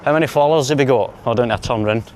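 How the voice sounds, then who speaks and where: This Scottish man from Glasgow vlogs as he walks a bustling city street, joking at his own expense in a rambling way. He speaks very fast at medium pitch with a darkish tone; the camera mic picks up a little hiss or hum.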